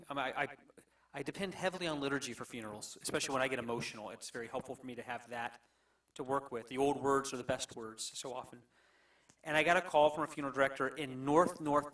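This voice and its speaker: Middle-aged man, pastor, halting and emotional storyteller, mid-pitched, heard from a distance. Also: fairly bright tone. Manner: halting, emotional, many restarts. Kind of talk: storytelling on a panel. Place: church.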